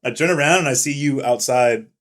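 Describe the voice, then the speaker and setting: A man's voice: mid-range voice, a little fast. A young man co-hosting a casual podcast, telling profane stories and acting out what others said. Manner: swearing, animated retelling with quoted voices. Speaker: podcast co-host. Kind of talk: casual chat, storytelling.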